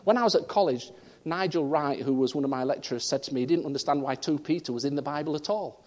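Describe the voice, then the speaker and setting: A man from the north of England preaches with animated storytelling. His voice sits a little high and leaps up for emphasis, then drops quiet for the serious points. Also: fast. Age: 30s. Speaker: pastor. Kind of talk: sermon.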